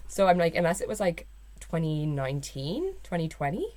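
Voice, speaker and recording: A young woman with an Irish accent talks loosely in a casual podcast chat. She strings thoughts together with fillers and acts out little quoted lines. Her voice sits slightly low. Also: very animated, normal speed, darkish tone. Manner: chatty, many fillers and quoted asides. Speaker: podcast co-host.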